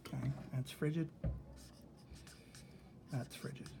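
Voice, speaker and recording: A man teaching a recorded lesson, thinking out loud as he works through examples and often checking in with "okay?". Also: medium pitch, steady tone, slow, creaky, noisy background.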